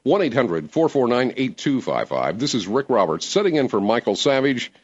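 A man hosting a talk radio show, giving emphatic, animated commentary. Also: medium pitch, moderate pace, breathy edge. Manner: animated, emphatic, laughs easily. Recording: dull lo-fi radio broadcast.

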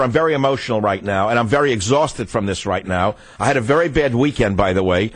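A man's voice: medium pitch, lively intonation, brisk, husky, no echo. A man hosting a political talk radio show, ranting heatedly and repeating phrases for emphasis. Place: radio studio.

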